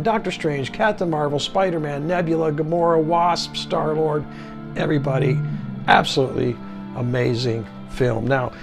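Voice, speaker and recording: A middle-aged man with a gravelly, creaky voice reviews a film from his home theater. His talk is eager and repetitive, hammering the same praise again and again. Faint music plays behind him. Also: mid-range voice. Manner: enthusiastic and repetitive, stressing words. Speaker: movie reviewer. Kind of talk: casual home video review.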